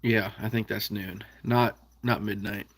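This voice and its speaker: A man's voice: on the low side, steady tone, measured pace. A young man from the American Midwest hosting a trapping live stream, chatting casually and answering viewers by name with frequent laughs. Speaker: trapping channel host reading live chat.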